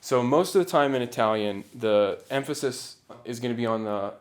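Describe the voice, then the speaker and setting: A man's voice: medium pitch, normal speed. A man teaching a singing diction lesson, explaining patiently step by step. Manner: patient, instructive.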